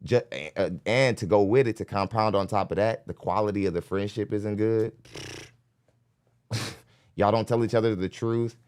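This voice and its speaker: A man's voice: on the low side, fairly even intonation, moderate pace, a little mellow, clean tone. A man hosting a live podcast, reacting bluntly to a clip and talking straight to his chat, often laughing between points. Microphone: studio mic.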